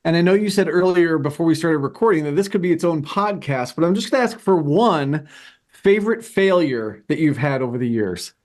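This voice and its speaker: Male podcast host, upbeat interviewer, slightly raised pitch. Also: lively intonation, fairly quick, a little mellow.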